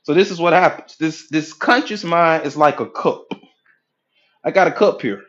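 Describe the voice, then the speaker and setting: Animated man lecturing at a whiteboard. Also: fairly high pitch, moderate pace, dull audio. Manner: animated, acts out inner voices with casual profanity. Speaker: hypnotherapy coach.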